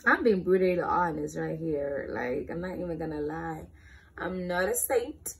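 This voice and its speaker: A woman's voice: low voice, animated, normal speed, breathy edge. A young woman in her late teens with a South African accent, chatting candidly and playfully in a casual question-and-answer vlog. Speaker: vlogger.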